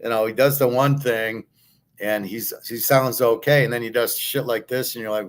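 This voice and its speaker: A man's voice: mid-range voice, steady tone, normal speed. A middle-aged man hosting a show, ranting in blunt, profane, scornful commentary. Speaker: host.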